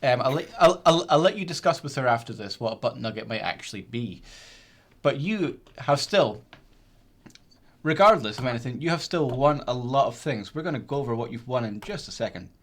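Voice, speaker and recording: Speaking briskly in a mid-range voice with lively intonation, this man runs a quiz on a livestream. His hosting is playful and casual, full of teasing jokes and frequent stammered restarts.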